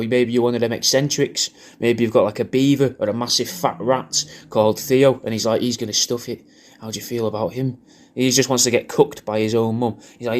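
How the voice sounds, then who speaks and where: A man rambles through a personalised comic birthday message. His delivery is loose and crude, full of repeated half-starts and tangents, at an ordinary middle pitch. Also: a little mellow. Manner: rambling, repeats himself, crude jokes, puts on silly voices in quotes. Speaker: comedian recording a personalised video message.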